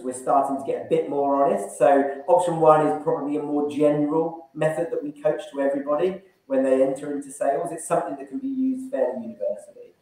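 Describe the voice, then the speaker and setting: A man's voice: a little high, a little mellow, recorded from a distance. Sales trainer man in an echoey room. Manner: coaching, demonstrates call openers. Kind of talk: online training session. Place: room, online event.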